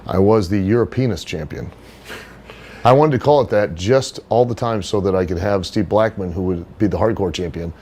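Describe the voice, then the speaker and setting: A middle-aged man with a lowish voice tells stories in a relaxed interview. He is animated and chatty, now and then doing voices of other people. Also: moderate pace, slight background noise. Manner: animated storyteller, does high put-on voices for others. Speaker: wrestler being interviewed. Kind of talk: casual storytelling interview.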